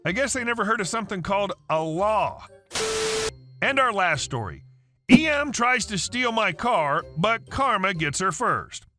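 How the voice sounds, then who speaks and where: A man narrating reddit stories in an animated reading voice, with faint music behind. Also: sits high, unhurried.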